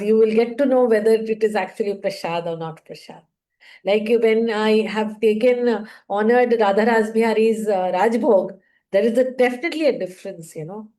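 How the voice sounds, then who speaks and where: A woman in a scripture class responds to the teacher with a mid-pitched, mellow, warm voice. She speaks earnestly and politely, with frequent fillers as she gathers her thoughts. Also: rough recording. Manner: earnest, uses polite address, trails into fillers. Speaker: class participant. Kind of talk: conversational discussion.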